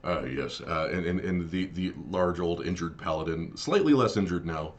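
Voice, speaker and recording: A man running a tabletop game as game master, narrating in a halting way as he searches for words. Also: low-pitched, animated.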